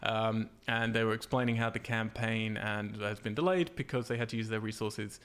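A man's voice: lowish voice, fairly even intonation, normal speed, a bit bright, clean tone. A man co-hosting a podcast, chatting loosely with many fillers and easy laughs. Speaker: podcast co-host. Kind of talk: casual chat.

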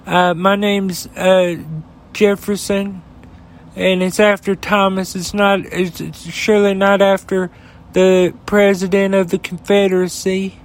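A man's voice: high-pitched, flat delivery, measured pace, voice pushed up. A man putting on a poor Southern US accent to impersonate a deferential male politician. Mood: obsequious. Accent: put-on Southern US.

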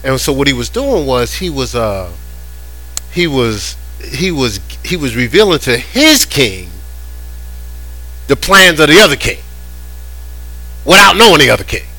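Animated, bright-voiced male preacher. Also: medium pitch, measured pace, pauses often, soft background music, rough recording. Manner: animated, conversational preaching with repeated words. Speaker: pastor. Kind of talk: sermon.

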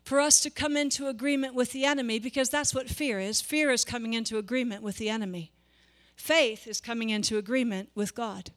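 A woman's voice: on the high side, a little fast. A woman preaching a sermon to a church, speaking with passion, repeating words and building to emphatic peaks.

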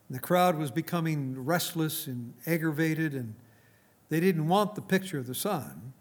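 A man's voice: fairly high pitch, moderate pace. A man preaching a sermon who tells an illustration story and then drives its message home.

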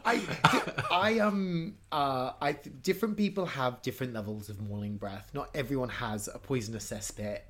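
A man's voice: mid-range voice, normal speed, few pauses, fairly bright tone. Chatty man from Norfolk. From Norfolk, England. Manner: rambling, laughs often, mimics accents. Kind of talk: casual chat.

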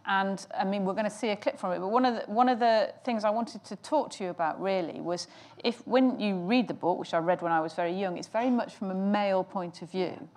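A woman's voice: mid-range voice, fairly quick, few pauses, a little mellow. Woman host asking interview questions.

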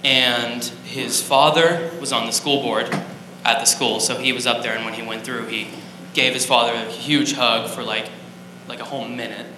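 A man telling an excited, rambling church testimony full of fillers. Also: mid-range voice, normal speed. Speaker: student sharing a testimony. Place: church sanctuary. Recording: echoey hall, faint noise.

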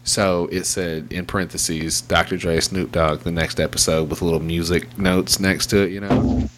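A man's voice: deep voice, little pitch movement, normal speed, a bit bright. A man hosting a casual podcast chat, rambling in a wry and profane way. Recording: faint hum in background.

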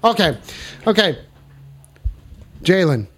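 A man hosting a call-in stream, talking in loud casual banter, cursing and repeating catchphrases. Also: high voice, very animated, slow, slightly rough, soft background music. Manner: hyped, repeats catchphrases, curses, shouts. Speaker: streamer taking calls.

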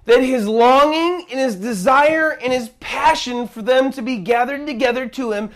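A man preaching a sermon as pastor, emphatic, dropping to a hush and rising to near shouts. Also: very high-pitched, moderate pace, hardly any pauses.

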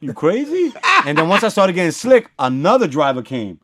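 A man from the Bronx, hosting a casual podcast and telling profane, animated stories. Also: a little high, a little fast, noisy background. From the Bronx, New York. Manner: profane, animated storytelling with acted-out voices. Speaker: podcast host. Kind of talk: casual chat.

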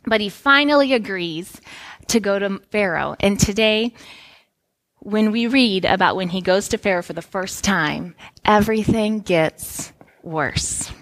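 Woman, 30s, sermon, lively storyteller, middle pitch. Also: a little slow. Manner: lively storytelling, animated quotes. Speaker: pastor.

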